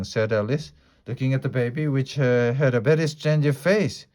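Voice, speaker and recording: A man reading a story aloud for English learners, at an unhurried pace with the odd filler and restart. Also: mid-range voice, a little mellow.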